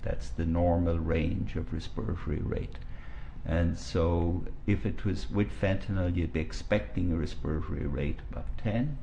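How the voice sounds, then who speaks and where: A man with an Irish accent giving measured, explanatory testimony as an expert witness in court. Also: low voice, steady tone, vocal fry, mellow, slight background noise. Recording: dull courtroom broadcast audio.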